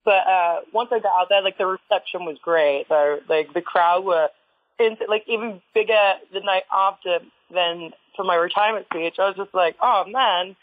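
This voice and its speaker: An English woman, a retired wrestler, telling stories in a casual interview, chatty, full of "like" fillers and quick laughs. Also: mid-range voice, dry recording. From England. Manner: chatty storyteller with constant "like" fillers and frequent laughs. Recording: tinny phone-like line, dry.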